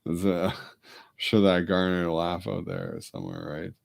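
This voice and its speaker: A man talks casually to his viewers in a very low, unhurried voice. His tone is rough with gravel, and he wanders between thoughts and mumbled asides. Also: big pitch swings. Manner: rambling, talks to his dog in a coaxing voice. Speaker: vlogger. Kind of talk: casual talk to camera.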